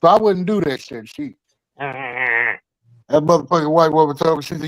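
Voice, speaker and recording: A man's voice: fairly high pitch, moderate pace, a bit bright, no echo, low-quality recording. An older man co-hosting a talk show, telling stories in a blunt, profane, joking way. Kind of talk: casual banter.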